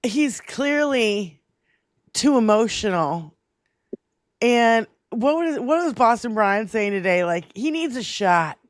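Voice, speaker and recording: A woman's voice: a little high, animated, slow pace, dry recording, clean studio sound. A woman co-hosting a political livestream in casual chat, swearing freely, laughing often and reading out viewer comments. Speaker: livestream co-host.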